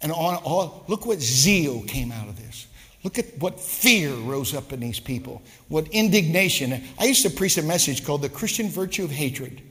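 Rambling, high-voiced male pastor preaching. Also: lively intonation, normal speed, a bit bright. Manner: rambling, repeats words, humorous asides. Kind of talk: sermon. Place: church sanctuary. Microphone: live-streamed service mic. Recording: long church reverb.

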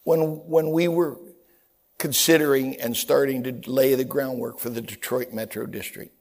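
A man preaching a sermon as a pastor, telling stories in an animated way and often repeating words as he stumbles. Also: medium pitch, normal speed.

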